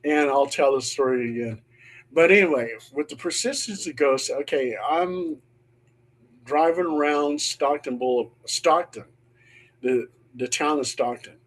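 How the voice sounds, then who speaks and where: A man's voice: a little high, measured pace. A middle-aged man, a paranormal investigator, telling a ghost story on a panel show and acting out the voices he quotes.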